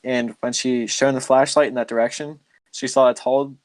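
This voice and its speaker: A man's voice: mid-range voice, steady tone, normal speed, dry recording. A man hosting a podcast, telling a story in a loose, rambling way with lots of filler words. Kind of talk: casual storytelling chat.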